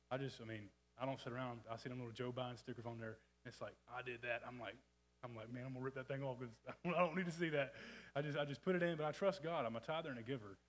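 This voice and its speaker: A man's voice: mid-range voice, poor audio. A man preaching a casual, folksy sermon in a church, with frequent restarts and asides. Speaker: church speaker. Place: church sanctuary.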